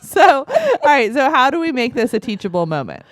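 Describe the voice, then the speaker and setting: A woman's voice: high voice, wildly swooping pitch, moderate pace, dry recording. A woman hosting a casual podcast chat as a mother, chatty, often restarting and laughing.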